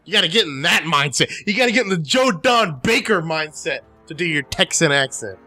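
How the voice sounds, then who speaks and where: Brief: animated, bright-toned man, cursing and laughing through casual game commentary. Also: a little high, dry recording, soft background music. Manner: excitable, profane, quick to laugh. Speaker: co-host of a let's play.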